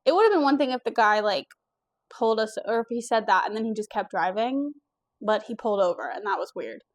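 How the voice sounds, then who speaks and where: A young woman from the US East Coast telling a personal story in a casual vlog, candid and animated, swearing now and then. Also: medium pitch, fairly quick. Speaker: vlogger.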